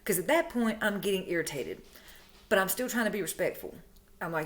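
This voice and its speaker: A woman casually telling a personal story, chatty, animated and frank, often laughing. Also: mid-range voice, fairly quick. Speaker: true crime storyteller, channel host.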